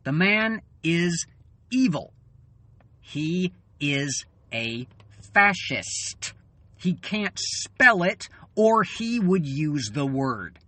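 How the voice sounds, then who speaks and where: Angry man, political rant, slow halting delivery, swearing, weary and fuming, dry close sound. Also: on the high side, very animated, no echo. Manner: angry, swearing, halting with sudden loud bursts. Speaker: channel host.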